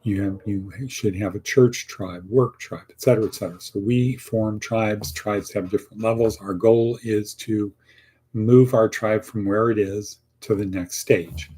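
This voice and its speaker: A man's voice: fairly low pitch, steady tone, unhurried, dark tone, husky. A middle-aged man teaching a casual class, coaching students on job interviews and acting out sample answers, repeating lines for emphasis. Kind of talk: casual online lesson.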